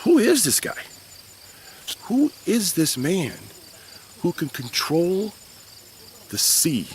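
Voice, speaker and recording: A man's voice: huge pitch swings, takes it slowly, a little hiss or hum, exaggerated voice. A man voicing frightened fishermen disciples who plead in a raised, urgent voice, outdoors with faint crickets. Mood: awed. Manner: pleading, high-pitched and urgent.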